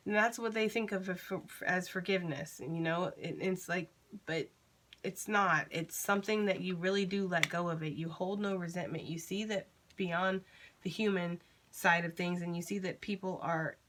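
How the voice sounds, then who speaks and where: A woman's voice: fairly low pitch, fairly even intonation, moderate pace, fairly bright tone. A woman giving a casual tarot reading, chatty and reassuring, blunt and freely profane. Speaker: tarot reader.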